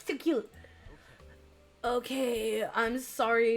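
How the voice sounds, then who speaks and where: Excitable high-voiced woman streamer. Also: slow, long pauses, soft background music. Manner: excitable, squealing laughs, reads in and out of text. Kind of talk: reading a dating game aloud with chat.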